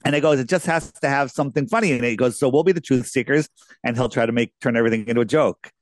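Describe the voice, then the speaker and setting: A man's voice: mid-range voice, very fast, dry recording, clean studio sound. A man being interviewed as a guest, telling casual, rambling anecdotes with lots of restarts.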